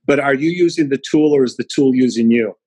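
A man's voice: medium pitch, fast, breathy edge. A middle-aged man, a guest in an interview, telling stories and acting out the quotes in them. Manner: animated anecdotes with acted-out quotes. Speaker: speaker and guest. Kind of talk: storytelling in an interview.

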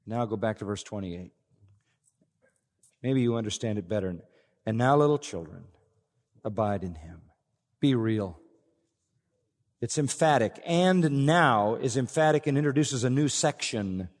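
Earnest preacher in a reverberant hall. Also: male voice, fairly low pitch, expressive, a little slow, pauses often, darkish tone. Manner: earnest, emphatic, repeats key phrases. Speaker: pastor. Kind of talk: expository sermon. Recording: long reverb of a large hall.

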